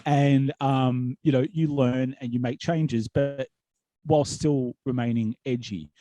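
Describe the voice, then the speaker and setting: An Australian wrestling commentator and promoter, appearing as a podcast guest, tells rambling stories full of ums, likes and restarts. His mid-range voice is mellow and steady, a little slow, and the recording has its highs cut off.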